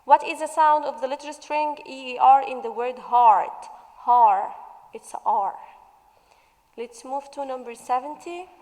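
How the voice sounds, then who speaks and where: A woman English teacher going through a revision worksheet, stretching out example words slowly as she explains. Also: sits high, darkish tone, big-room sound, rough recording.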